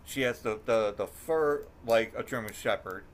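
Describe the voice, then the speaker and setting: A middle-aged man hosting a podcast, telling an animated story in casual chat, swearing and acting out quotes in a raised voice. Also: medium pitch, moderate pace. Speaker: podcast host.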